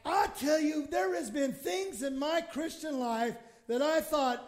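A man preaching a sermon with a very high-pitched voice. He swings from quiet, drawn-out scripture reading to loud, fervent exclamations, and he acts out prayers as he goes. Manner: impassioned preaching, swings from hushed to shouting; acts out quoted prayers in his own voice. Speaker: pastor.

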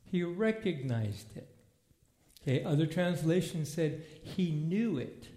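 Animated male preacher in an echoey hall. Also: a little high, slow pace. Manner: animated, acts out movie scenes in voices. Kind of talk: informal Bible teaching. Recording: echoey room.

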